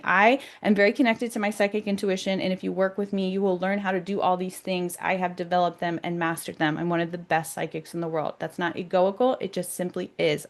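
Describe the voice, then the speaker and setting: An American woman talking casually to her viewers, excited and emphatic, often repeating words for stress. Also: on the low side. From United States. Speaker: self-described psychic vlogger. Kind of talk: casual monologue to camera.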